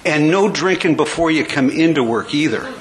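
A man's voice: fairly high pitch, expressive, normal speed, low-quality recording. An older man from the United States telling his story with wry humor at a recovery meeting, in a conversational way. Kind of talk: storytelling talk.

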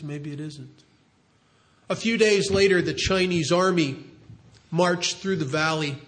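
High voiced guy at a recovery meeting, earnest storyteller, gets really into it. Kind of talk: storytelling talk.

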